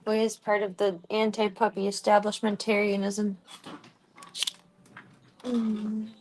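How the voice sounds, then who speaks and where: A woman streamer chatting casually at home, rambling and cooing softly at her pets. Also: mid-range voice, flat delivery, slow pace, noisy background. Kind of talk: casual chat.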